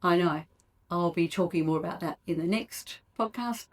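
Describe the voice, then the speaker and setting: A woman's voice: fairly low pitch, moderate pace, rough recording. A middle-aged woman hosting a solo podcast on coaching couples, chatty, often acting out sample lines a partner might say.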